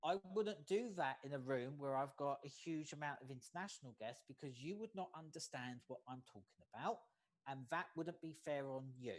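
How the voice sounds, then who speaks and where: A facilitator teaches an online workshop in a steady, deliberate way. Points come one at a time, each capped with a quick "okay?" to keep the remote group following. The voice comes through a video-call mic. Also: mid-range voice. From United States. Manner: measured, often checks in with "okay?". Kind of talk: online training lecture.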